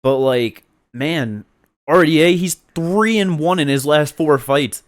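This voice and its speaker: A man's voice: a little high, slow. A man co-hosting a podcast, talking in a rambling, casual way with lots of fillers and swearing. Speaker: podcast co-host. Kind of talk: casual chat.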